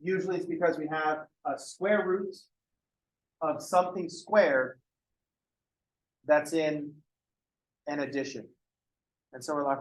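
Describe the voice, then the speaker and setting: A man giving a math lecture in an offhand, irreverent manner, dropping swear words and slipping into short acted exchanges. His voice sits a bit high for a man. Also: fairly even intonation, slow, pauses often, poor audio. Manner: casual, profane, acts out dialogues. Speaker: math instructor. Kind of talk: informal lecture.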